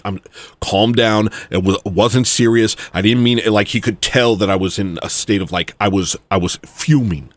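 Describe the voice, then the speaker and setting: Man ranting in a dry room. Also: no room sound. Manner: heated, swinging from low grumbling to loud exclamations. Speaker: independent musician. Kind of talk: ranting monologue.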